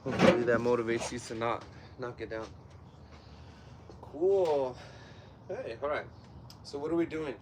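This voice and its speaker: A man's voice: mid-range voice, steady tone, unhurried, pauses often, heavy background noise. A man with a Southern Californian accent hosting a casual live-stream workout from home, chatting with viewers and telling off his puppy between sets. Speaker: fitness livestream host. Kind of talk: casual live-stream chat while exercising.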